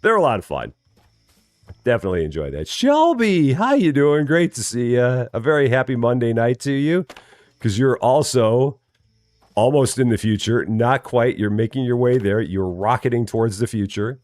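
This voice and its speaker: A man's voice: medium pitch, animated, moderate pace, darkish tone, dry recording, faint music behind. A man casually commenting as he plays a farming game on a live stream, chatty and friendly, greeting viewers by name and often repeating his words. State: still waking up, early morning.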